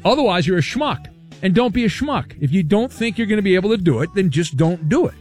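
Radio host, male, high voice, brisk teasing delivery, faint music under. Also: expressive, darkish tone. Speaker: radio sports talk host. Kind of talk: casual radio show hosting.

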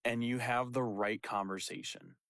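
A young pastor tells a story in a loose, chatty way. He jumps into the other people's lines and laughs as he goes. His voice sits at a middle pitch and sounds dry and close to the mic. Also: normal speed, dry recording. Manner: animated, laughing storyteller who acts out quotes. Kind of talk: casual storytelling chat.

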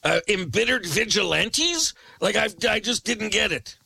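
Ed the Sock, a man voicing a gravelly wisecracking sock puppet. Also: high voice, lively intonation, bright, forceful tone, heavily acted. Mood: mocking. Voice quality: gravelly, raspy. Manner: sarcastic, teasing, quick comebacks. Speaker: late-night radio host. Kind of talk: late-night radio banter.

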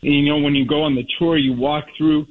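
A man's voice: on the high side, fairly even intonation, fairly quick. A man from Northern California calling into a radio show, heartfelt and rambling. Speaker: caller. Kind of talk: phone-in call. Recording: tinny phone line.

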